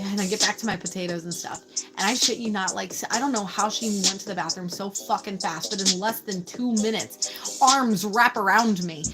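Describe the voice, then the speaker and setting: A woman hosting a casual livestream, telling a story with lots of swearing and animated outbursts. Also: medium pitch. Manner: animated, profane, laughing storyteller. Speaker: livestream host.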